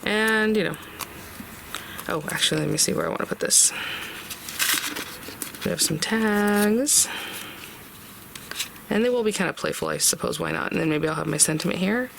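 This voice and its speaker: A chatty crafter walks through a project step by step, thinking aloud as the work goes. The voice has a heavy gravelly fry at a middle pitch. A steady noise hums behind it. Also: fast talker. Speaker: craft tutorial host. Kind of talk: casual step-by-step craft tutorial.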